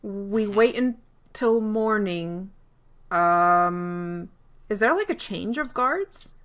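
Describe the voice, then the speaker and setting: A woman's voice: medium pitch, expressive, drawn-out words, fairly bright tone, slight background noise. A woman playing a tabletop game, laying out a scheme step by step. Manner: scheming, spelling out plans step by step. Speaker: player.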